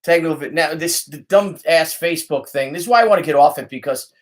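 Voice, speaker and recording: A middle-aged man with a New York Italian-American accent and a slightly higher voice for a man. He rambles through a casual livestream from his phone, swearing freely and calling out hellos to viewers by name. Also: fast talker. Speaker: comic artist hosting a livestream. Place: indoors, home studio with art supplies.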